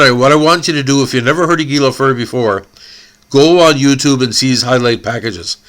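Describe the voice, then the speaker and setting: A man from Canada hosting a hockey podcast, emotional and tearful, halting and repeating words as he speaks. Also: medium pitch, a bit bright. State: crying.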